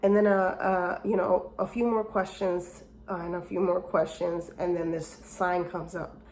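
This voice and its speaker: Animated woman telling a personal story. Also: fairly low pitch, unhurried. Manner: animated, lively retelling with many fillers and restarts; openly emotional and self-encouraging. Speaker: vlogger telling a life story. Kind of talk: casual storytelling.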